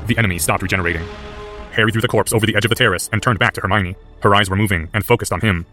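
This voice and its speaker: A man's voice: fairly low pitch, fairly even intonation, rapid-fire, pushed and bright, faint music behind. A man narrating a story aloud as an audiobook, intense and driven. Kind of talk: audiobook narration of fan fiction.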